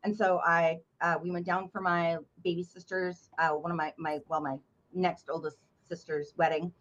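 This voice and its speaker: A woman from North Carolina, a memoir author guest telling a story in a blunt, animated way and swearing freely. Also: on the low side, moderate pace, highs cut off. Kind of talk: casual interview storytelling.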